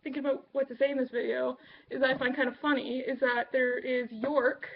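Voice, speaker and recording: A woman's voice: sits high, flat delivery, brisk, gravelly, muffled recording. A Canadian woman with a Canadian accent chatting casually to camera, rambling with lots of ums and uhs. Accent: Canadian English. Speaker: vlogger.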